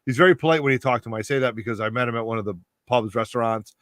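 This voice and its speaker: A man co-hosting a casual podcast chat, asking quick, eager questions. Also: mid-range voice, a bit bright, no room sound, clean studio sound. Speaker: podcast co-host.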